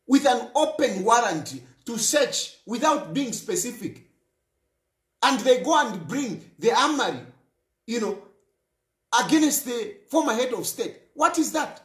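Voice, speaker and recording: A man's voice: very high voice, roomy sound. A Zambian man hosting a talk show, speaking in an impassioned political monologue and repeating phrases for emphasis.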